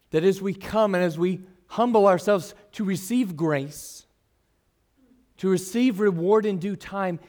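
A middle-aged man preaching a sermon to his congregation, earnest, swinging between full emphasis and soft, quiet asides. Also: on the high side. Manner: earnest, varies loudness widely, drops to soft asides. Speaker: pastor.

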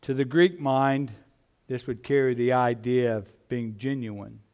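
A man preaching a sermon in church, slow and emphatic, repeating his phrases for weight. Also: medium pitch, steady tone, a little mellow, smooth. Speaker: pastor.

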